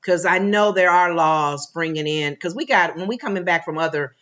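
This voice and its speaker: A woman's voice: lowish voice, normal speed, a bit bright. A woman co-hosting a casual talk show, chiming in with reactions and opinions. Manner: laughs often, chimes in with short reactions and opinions. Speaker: co-host. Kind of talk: casual chat.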